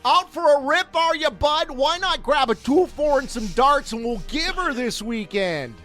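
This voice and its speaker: A man putting on the voice of a slow-talking Canadian hoser with slangy, drawn-out speech. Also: expressive, a bit bright, faint music behind, full character voice. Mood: hoser drawl. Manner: drawn-out, high, slangy delivery.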